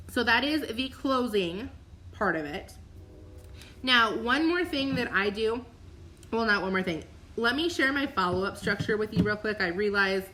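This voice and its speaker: An upbeat woman talks her viewers through a sales routine in a loose, chatty way, sprinkling in "like" and "um." Her voice sits at a middle pitch with a bright, crisp edge. It sounds like a casual home recording made for a replay. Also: a little hiss or hum. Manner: chatty, upbeat, filler-heavy. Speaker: network marketing coach. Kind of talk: casual teaching monologue.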